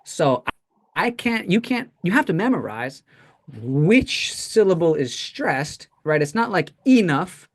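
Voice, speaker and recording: A man's voice: a little high, sing-song, measured pace. A man teaching an English pronunciation class, explaining patiently and checking in often with "right?".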